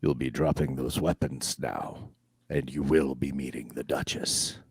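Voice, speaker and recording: A man voices a spear-carrying fish-man guard in a tabletop game. He taunts loudly at first, then turns low and menacing. The sound is dry, with no room echo. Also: steady tone, a little slow, husky, exaggerated voice. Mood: threatening.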